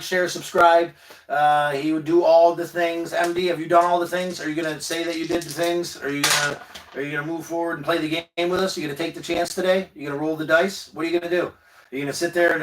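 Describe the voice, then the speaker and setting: A man's voice: fairly high pitch, fairly bright tone, a little hiss or hum. A man hosting a casual livestream from inside his bus, talking straight to viewers in an encouraging way and swearing casually. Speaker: livestream host.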